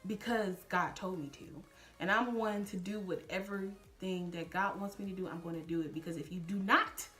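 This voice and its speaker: A young woman in her twenties, a vlogger casually telling a personal story to camera, animated and addressing viewers directly. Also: on the low side, normal speed, faint music behind.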